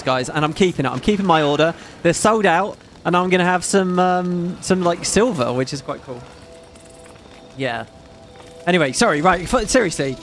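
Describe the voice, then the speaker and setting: A man with a fairly high voice talks through gameplay in loose, rambling commentary. He gets excitable and swears freely, with faint music underneath. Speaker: gaming YouTuber.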